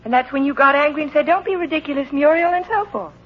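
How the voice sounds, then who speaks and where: A woman's voice: high voice, expressive, quick pace. An actress playing a playful wife in a radio comedy who teases and coaxes her husband. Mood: coaxing. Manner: playful, coaxing, light. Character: teasing young wife, playful and persistent. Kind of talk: 1940s radio comedy acting. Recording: dull old radio recording with faint hiss.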